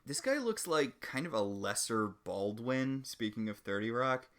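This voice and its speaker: A man's voice: medium pitch, big pitch swings, measured pace, a bit bright. A man co-hosting a podcast, chatting about a TV episode with dry, joking banter. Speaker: podcast co-host. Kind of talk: casual TV recap chat.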